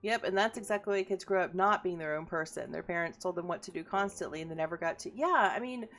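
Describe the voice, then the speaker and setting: A woman in casual chat as an interviewer, talking fast, chatty and swearing freely. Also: fairly low pitch, fairly bright tone, faint music behind.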